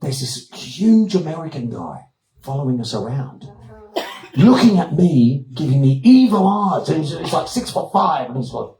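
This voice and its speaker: A man's voice: fairly high pitch, big pitch swings, moderate pace, warm tone. Older man rambling through a story. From Australia. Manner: rambling anecdote with many "you know" tags. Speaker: guest speaker. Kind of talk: storytelling to a live audience. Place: retreat presentation room, indoors. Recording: echoey room with a live audience.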